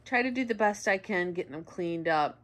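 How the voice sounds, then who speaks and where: Chatty woman with a lowish voice. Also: lively intonation, a little fast, fairly bright tone. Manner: chatty and rambling, coos at the dog. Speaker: dog owner and channel host. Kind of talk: casual vlog talk while grooming a dog. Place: indoors at home, sunny room by windows. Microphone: camera set up nearby.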